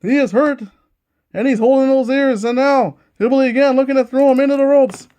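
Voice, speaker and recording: A man's voice: very high voice, steady tone, fairly quick, dark tone, clean tone. A man hosting a tabletop wrestling game, giving eager play-by-play commentary and repeating each move as he calls it.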